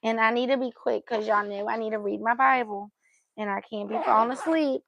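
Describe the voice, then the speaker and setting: A woman's voice: fairly high pitch, steady tone, a little fast, gravelly, lo-fi sound, slight background noise. A woman hosting a casual livestream, chatting to viewers and cooing playfully at her pet between remarks. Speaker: livestream host.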